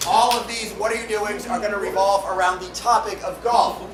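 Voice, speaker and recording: A man with a high voice hosts a live improv comedy show, playful and joking, sometimes shouting out to the house. He is heard from a distance across a roomy theater. Heavy noise hangs under the whole recording. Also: fairly even intonation, a little fast. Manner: playful, jokey, shouts to the crowd. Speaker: improv comedy referee and host. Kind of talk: live stage hosting. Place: theater stage. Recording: roomy hall, distant mic, loud noise.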